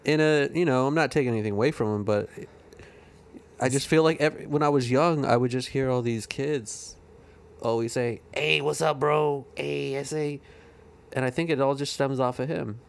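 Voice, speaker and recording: A man's voice: medium pitch, brisk, clear, resonant tone. A man guesting on a podcast in casual chat, laid-back and hesitant, often trailing off. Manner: laid-back, hesitant, says "I don't know" a lot.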